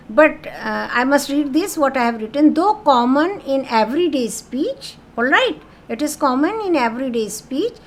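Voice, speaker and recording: A high-pitched woman, teaching French grammar in a patient classroom style. She reads each French question, gives its meaning, and keeps checking in with her students. Faint room noise sits behind her voice. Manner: explains patiently, asks "okay?" often; reads French phrases then translates them to English.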